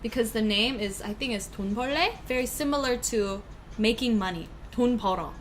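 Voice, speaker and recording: A woman's voice: a little high, racing, slight background noise. A woman co-hosting a casual livestream from a room at home, reading out viewer comments and chatting about them. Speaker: livestream co-host.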